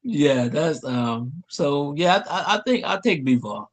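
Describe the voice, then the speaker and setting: A man's voice: on the high side, lively intonation, measured pace. A man who is a boxing trainer, answering interview questions hesitantly and repeating himself.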